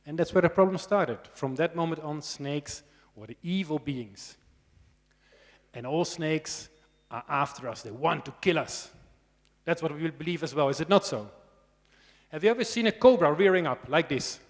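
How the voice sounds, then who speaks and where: A man's voice: fairly high pitch, normal speed. Man lecturing in a reverberant hall. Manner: conversational, checks in with the audience through frequent tag questions; dry humor. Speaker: snake expert giving a conference talk. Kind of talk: public lecture to students.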